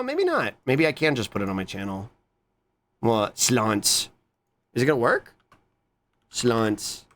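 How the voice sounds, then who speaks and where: Casual live streamer, unhurried and lively in pitch, swears easily, thanks viewers, jumps to squeals. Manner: playful, swears casually, reads chat aloud and thanks viewers; jumps to squeaky high exclamations. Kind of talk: casual live-stream chat reacting to clips.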